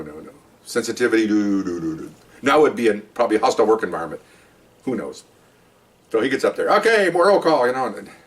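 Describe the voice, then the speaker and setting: A man's voice: medium pitch, distant mic. An older man, a retired police officer, tells a funny story from his years on the job. He rambles, laughs at his own tale and acts out the voices of the people in it. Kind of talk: casual anecdote.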